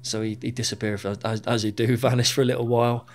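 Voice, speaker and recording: A middle-aged man recounts his own past as a podcast guest in a frank, unpolished way. His voice has a gravelly edge, and he swears freely and often doubles back on his words mid-sentence. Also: medium pitch, level tone, quick pace, a little hiss or hum. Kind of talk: candid storytelling interview.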